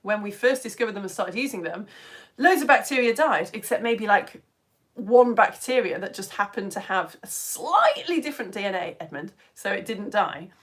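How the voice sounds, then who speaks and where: A woman presenting a live-streamed science lesson for home educators, chatty and excitable as she greets viewers by name. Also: mid-range voice, moderate pace. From United Kingdom.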